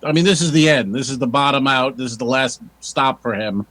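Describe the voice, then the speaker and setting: A man's voice: medium pitch, a little fast, a bit bright, low-quality recording. A man co-hosting a casual comedy podcast, laid-back and chatty, chiming in with short agreements between longer stories. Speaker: podcast co-host.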